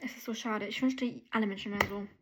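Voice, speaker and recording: A woman's voice: mid-range voice, steady tone, fast. A woman in casual chat to camera, telling a story and often asking viewers if they get what she means.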